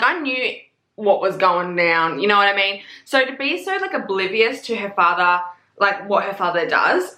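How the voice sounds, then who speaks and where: A woman's voice: medium pitch, roomy sound. A young Australian woman with an Australian accent, gushing and swearing in a casual book review vlog. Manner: gushing, profane, excitable.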